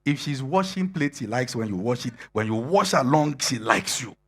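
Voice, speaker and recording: Husky preacher man. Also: mid-range voice, lively intonation, normal speed. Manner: conversational preaching with frequent laughter and rising shouted emphasis. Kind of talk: sermon to singles.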